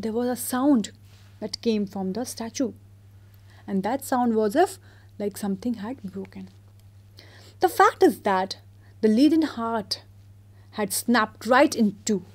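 A woman teacher reading a story aloud line by line, then explaining each passage in simple words. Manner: lively, pitch jumps up when quoting characters.

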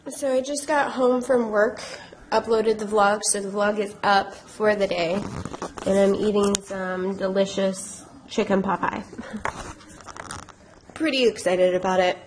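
A woman with a mid-range voice vlogging from home. Her throat sounds a little scratchy, and she chats in a relaxed, easygoing way. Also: mid-range voice, measured pace. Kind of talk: casual chat. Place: home, indoors.

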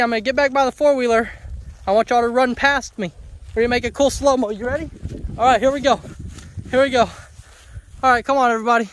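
Male homesteader, very high pitch, chatty and joking with his animals outside. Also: fairly bright tone. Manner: playful, chatty, teasing. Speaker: homestead vlogger. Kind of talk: casual vlog, talking to farm animals. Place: outdoor farm pasture.

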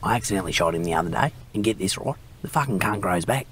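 A man's voice: fairly low pitch, animated, fast talker, fairly bright tone, slightly rough. A man voicing an easygoing Australian bloke in an adult cartoon, drawling and swearing casually with an Australian accent. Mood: chatty. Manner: drawling, swears casually, says yeah nah.

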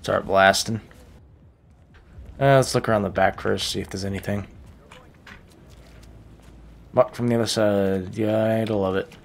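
A man's voice: fairly low pitch, steady tone, unhurried, vocal fry, long pauses, slight background noise. Joking, foul-mouthed male gamer. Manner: joking, profane, talks to himself. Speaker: gaming YouTuber. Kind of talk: gameplay commentary.

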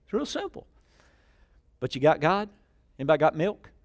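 A middle-aged man preaches in church with a rather high, lively voice. He jumps from shouted scripture to hushed asides and has the congregation repeat his words. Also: normal speed. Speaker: pastor. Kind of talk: sermon.

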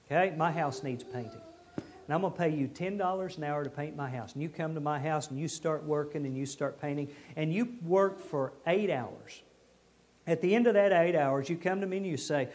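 A man preaching a folksy, animated sermon in a church, acting out the people he quotes. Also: on the high side, moderate pace.

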